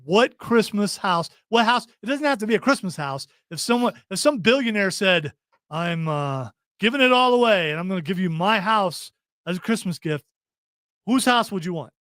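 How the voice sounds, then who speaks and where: Middle-aged man, podcast host, fairly high voice, dry studio sound, playful teasing banter. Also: expressive, a bit bright, dry recording. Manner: playful, teasing, fires off quick questions. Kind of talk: casual pop-culture chat.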